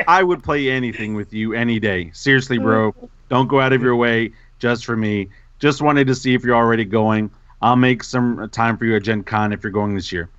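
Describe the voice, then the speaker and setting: A man co-hosting a casual podcast, telling a self-mocking story in an animated way. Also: medium pitch, normal speed, clear, resonant tone, no echo, muffled recording. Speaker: podcast co-host.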